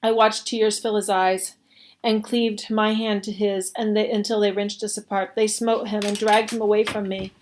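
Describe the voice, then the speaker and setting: Brief: woman storyteller, mid-pitched, expressive and steady read-aloud. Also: moderate pace, a little hiss or hum. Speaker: reader. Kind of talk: reading a story aloud at a service.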